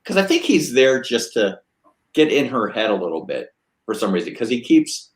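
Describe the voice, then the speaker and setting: A man of middle pitch hosts a casual group chat. He thinks aloud in long, rambling sentences, and an echo hangs in the room around him. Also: sing-song, moderate pace.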